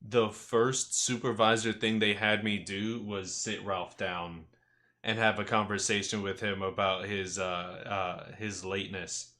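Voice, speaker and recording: Slow-talking young man, bright tone. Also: fairly low pitch, little pitch movement. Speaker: podcast co-host. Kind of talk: casual chat.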